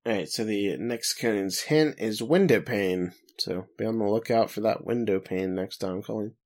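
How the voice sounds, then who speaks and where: A man co-hosting a casual podcast, talking in a playful, teasing way with quick asides. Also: lowish voice, darkish tone. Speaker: podcast co-host.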